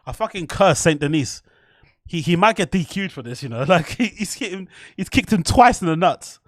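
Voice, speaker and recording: A man's voice: high voice, normal speed, no echo, clean studio sound. A young man, hosting a casual live stream, reacting to chat and a fight, swearing and laughing often. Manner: excitable, swears a lot, laughs often, mock French bits.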